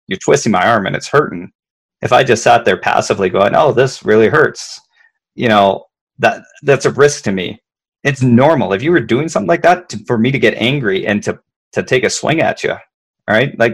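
A man's voice: lowish voice, creaky, breathy edge. A man, a leadership consultant, explaining emotions conversationally, often repeating words and checking in with "right?".

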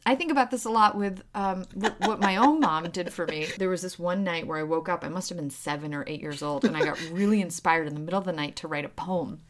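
A woman's voice: fairly low pitch, fast, few pauses. A woman co-hosting a casual chat, curious and explaining psychology ideas. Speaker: co-host.

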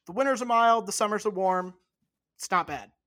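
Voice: mid-range voice, fairly quick, a bit bright. A podcast co-host in casual chat, rambling and cursing freely.

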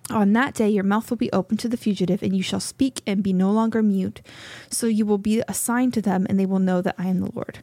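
A woman reading scripture aloud as co-host of a Bible study, a little out of breath, in a measured, steady reading voice. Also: medium pitch, no room sound.

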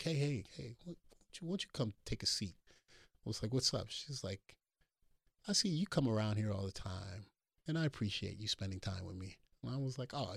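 Animated middle-aged male storyteller, dry sound. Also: on the low side, no echo. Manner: animated storyteller acting out quoted dialogue. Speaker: doctor guest. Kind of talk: storytelling on a call-in show.

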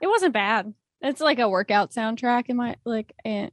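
A woman's voice: a little high, expressive, moderate pace, dry recording, studio quality. A woman chatting casually, laughing easily as she talks about a movie. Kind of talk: casual chat.

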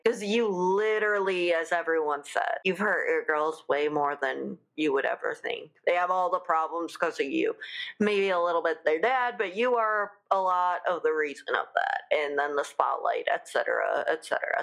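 A woman's voice: low voice, normal speed, vocal fry, a bit bright. A young adult woman hosting a podcast in casual, gossipy chat, with many fillers. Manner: chatty, gossipy, lots of fillers. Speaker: podcast host.

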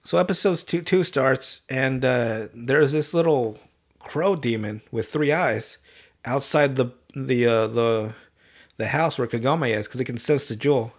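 A man chatting casually about an anime he watched as a kid, cursing freely as he tells it. He keeps dropping into short voiced bits for the characters. His voice sits in an ordinary middle pitch. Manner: profane, animated retelling with quick voiced asides. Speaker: podcast host. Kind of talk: casual chat, recapping an anime.

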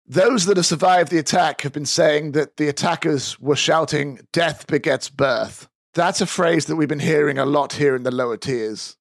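A man's voice: fairly high pitch, moderate pace, few pauses, dry recording, studio quality. A man voicing a secretive, dramatic male mousefolk informant in a tabletop game, talking in a theatrical, conspiratorial way.

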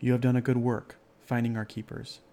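A man voicing a wise, solemn male lion who speaks in slow, grave, measured sentences. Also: mid-range voice, completely flat delivery, dark tone, natural voice.

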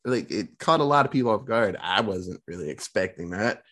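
Husky, animated podcast host. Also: low-pitched, fairly quick. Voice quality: profane, animated storytelling. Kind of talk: casual movie review chat.

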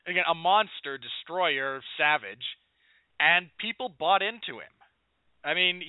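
A man's voice: a little high, smooth, no echo. A man hosting a podcast in casual chat, recalling details as he talks. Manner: thinking aloud, recalling details mid-sentence. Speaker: podcast host. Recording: tinny phone-like line.

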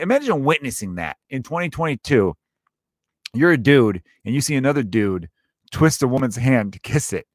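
A man's voice: medium pitch, no room sound, studio quality. A middle-aged man telling a rambling, profane comic monologue, breaking into mocking voices for the people in his stories. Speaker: comedian.

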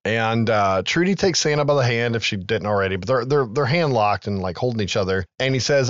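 A man's voice: medium pitch, no echo, dull audio. A man in his thirties, a podcast co-host, recapping a film in casual chat and acting out its lines with laughs.

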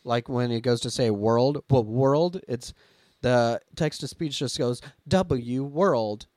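A man's voice: mid-range voice, measured pace, dry recording, clean studio sound. A young adult man hosting a podcast, telling stories animatedly in casual chat. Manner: animated storytelling, swears casually. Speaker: podcast host.

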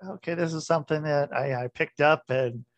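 A man hosting a podcast interview who speaks in a relaxed, halting way, with filler words and short agreements. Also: a little high, dry recording. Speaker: podcast host.

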